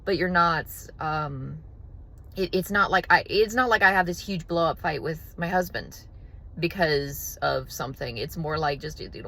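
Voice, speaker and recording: A woman's voice: deep voice, moderate pace, sharp tone. A woman vlogging casually to camera, rambling with many restarts and acting out her own frustrations. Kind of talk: casual talking-to-camera vlog.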